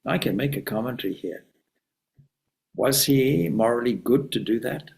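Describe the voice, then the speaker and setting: A man's voice: medium pitch, animated, normal speed, vocal fry, darkish tone, poor audio. A man, a swami, giving a reflective spiritual talk and telling a story with asides.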